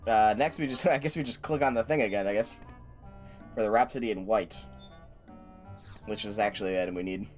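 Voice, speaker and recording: A man's voice: lowish voice, a little fast, long pauses, a little mellow, faint music behind. Chatty man streaming a game. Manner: chatty, stumbles and restarts, swears when surprised. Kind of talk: casual gaming commentary.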